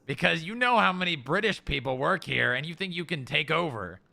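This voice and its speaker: Bright, gravelly man interrogating insistently. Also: on the high side, expressive, a little fast. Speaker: roleplay streamer playing an officer. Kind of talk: in-character roleplay chat.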